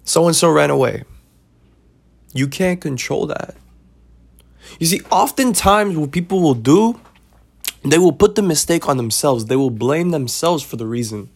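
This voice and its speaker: Gravelly man giving life advice. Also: a little high, animated, normal speed. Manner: preachy, repetitive, keeps asking "right?". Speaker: podcast host. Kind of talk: casual advice monologue.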